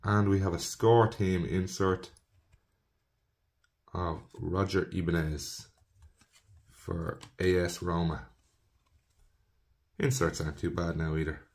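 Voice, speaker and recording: A man's voice: deep voice, fairly even intonation, slow pace, long pauses, a little mellow. A young man giving casual commentary while opening trading card packs, rattling off player names and talking to viewers as "folks.". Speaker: trading card box breaker.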